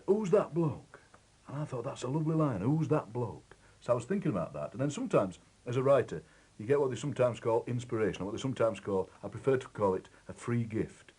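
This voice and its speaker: A poet chatting in a lively, musing way about how he builds a poem. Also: medium pitch, husky. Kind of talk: explaining how he writes a poem. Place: outdoors at a football match.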